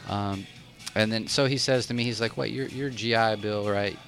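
A man's voice: fairly low pitch, steady tone, moderate pace, a bit bright, faint music behind. A young man telling a long story in casual chat, rambling with many restarts and fillers.

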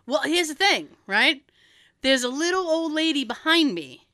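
A woman chatting casually and telling an everyday story, acting out quoted dialogue in lively voices. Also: sits high, moderate pace, dry recording, clean studio sound.

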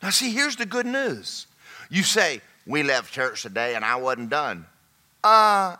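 A man's voice: a little high, very animated, a little slow, bright, forceful tone. A man preaching a sermon as pastor, folksy and repetitive, speaking in bursts.

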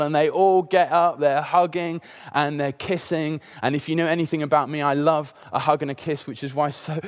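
Man, thirties, sermon, casual storytelling, fairly high voice. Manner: conversational, many "uh" fillers. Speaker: preacher.

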